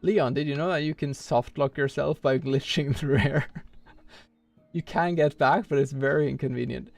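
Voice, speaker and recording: A man's voice: medium pitch, fairly even intonation, normal speed, gravelly. A man streaming a speedrun, rambling casually and thinking aloud with lots of filler words. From Norway. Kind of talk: casual live-stream chat while playing.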